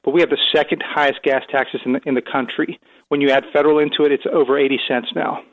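A man appearing as a policy expert on a radio show, explaining in a measured way. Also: medium pitch, level tone, no echo, phone-quality sound. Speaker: policy think tank guest. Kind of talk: radio interview.

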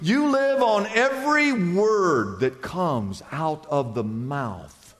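A man preaching a sermon in a church, with emphatic delivery that swings from loud, raised lines to hushed ones. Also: on the high side, lively intonation, takes it slowly, big-room sound. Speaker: pastor.

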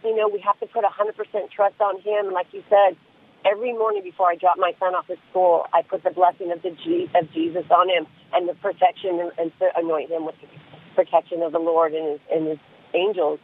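A man's voice: high-pitched, little pitch movement, fairly quick. A middle-aged man calling in to a radio show, talking in an earnest, rambling way over a tinny phone line. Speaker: caller.

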